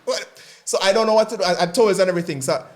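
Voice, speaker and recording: A young man telling a personal story as an interview guest, lively and laughing often as he acts out the voices. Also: sits high, rapid-fire.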